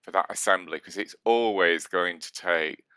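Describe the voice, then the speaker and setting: A man's voice: sits low, moderate pace, sharp tone, clean tone, no echo. A man co-hosting a baking podcast, chatting casually and trailing off with restarts. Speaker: podcast co-host, baker. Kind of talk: casual chat.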